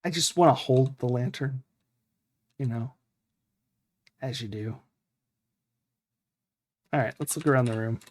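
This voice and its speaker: Young adult male streamer, casual deadpan commentary, reads game text aloud, middle pitch. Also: a little slow, long pauses. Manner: wry, deadpan self-talk with mock-dramatic readings. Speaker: streamer playing a retro adventure game.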